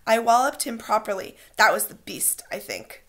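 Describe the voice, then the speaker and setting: An eager, boastful schoolboy who talks himself up, insistent and keen to be believed, as a woman reading the book aloud puts him on. Lifted and lively, in a plain read-aloud storybook voice. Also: a little high, normal speed, voice pushed up. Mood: excited.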